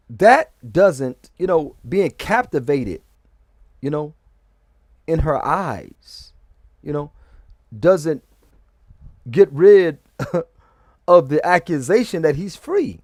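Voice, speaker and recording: Male vlogger, loose rambling commentary with restarts; somewhat high voice. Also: animated, very slow, pauses often, darkish tone, no room sound, studio quality. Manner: rambling with restarts, often asking "okay?". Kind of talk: casual commentary.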